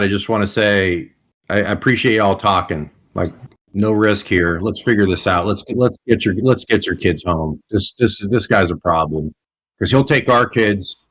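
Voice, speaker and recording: A man's voice: fairly low pitch, fairly bright tone. A man voicing an earnest adult male survivor in a tabletop game, making a blunt, persuasive plea for peace.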